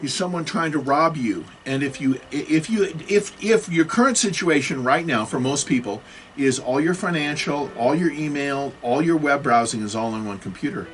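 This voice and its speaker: A man's voice: on the high side, moderate pace, slight background noise. Agitated, rambling man lecturing. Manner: agitated, apologetic, many restarts. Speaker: computer security educator. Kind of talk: self-recorded talk.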